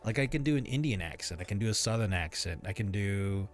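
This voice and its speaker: A man's voice: on the low side, lively intonation, fairly quick, soft background music. A man hosting a livestream in casual chat, rambling and hesitant with frequent restarts. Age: adult parent. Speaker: livestream host.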